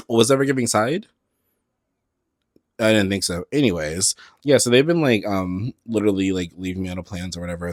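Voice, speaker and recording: A sassy, animated man hosts a casual podcast, leaning hard on slang and swearing. His voice sits low and deep. The sound is dry and close, with no room around it. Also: no echo. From San Francisco Bay Area. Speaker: podcast host. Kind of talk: casual solo podcast chat. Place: indoors at a table, on camera.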